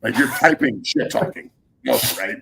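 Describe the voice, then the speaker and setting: Male sports talk host, middle-aged, gravelly, heated profane ranting. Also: medium pitch, wildly swooping pitch, moderate pace, a bit bright, slight background noise. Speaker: podcast host.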